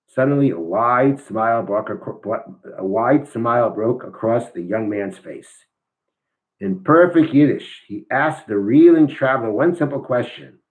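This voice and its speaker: A man's voice: mid-range voice, animated, measured pace, poor audio. A man teaching a weekly Torah class, explaining ideas and reading a story aloud, often thinking aloud as he goes.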